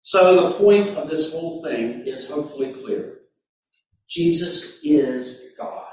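Slow-preaching man in an echoey hall. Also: on the high side, animated, a little mellow. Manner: slow, deliberate preaching with sudden emphatic bursts. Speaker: pastor. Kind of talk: sermon. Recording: very echoey room, mic far off.

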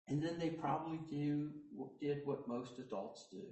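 A man preaching a sermon as pastor, telling stories and quoting people in hushed voices, then rising to loud emphasis. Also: a little high, fairly even intonation, moderate pace, few pauses. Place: church sanctuary. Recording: echoey church room.

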